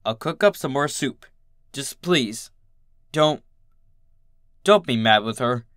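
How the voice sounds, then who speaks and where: A man reading a storybook voices a gentle, frightened stallion father who soothes and pleads. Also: mid-range voice, animated, slow, dry recording, studio quality. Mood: pleading.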